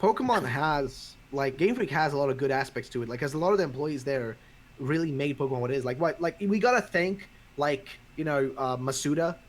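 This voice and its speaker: A man's voice: fairly high pitch, fairly quick. A man hosting a podcast in casual chat, ranting with lots of swearing. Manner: profane, ranting, animated. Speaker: podcast host.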